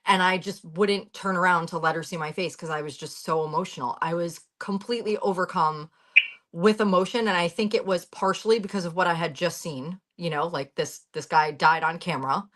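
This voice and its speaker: A woman's voice: fairly low pitch, steady tone, a little fast, fairly bright tone. A woman in her thirties, a guest on a talk show, telling a personal account bluntly, with swearing and heated urgency over a video call.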